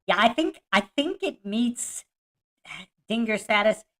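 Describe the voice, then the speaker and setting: A woman's voice: a little high, animated, takes it slowly, a bit bright. A woman hosting a podcast, laughing often and mocking as she talks through a debate clip and reads chat comments aloud. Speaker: podcast host. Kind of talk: casual live-stream commentary.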